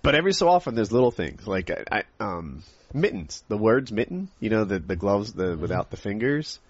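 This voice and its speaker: A man with a general American accent chatting casually as a podcast co-host, excitable and quick to burst into surprise. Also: on the low side, dry recording. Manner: excitable, jumps to loud surprise. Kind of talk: casual chat. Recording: dull lo-fi dry recording.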